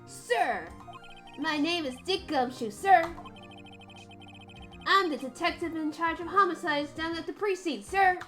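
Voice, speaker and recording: A woman voicing a loud, eager male police detective who ends every sentence with "sir". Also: very high-pitched, measured pace, long pauses, soft background music, voice pushed up, heavily acted.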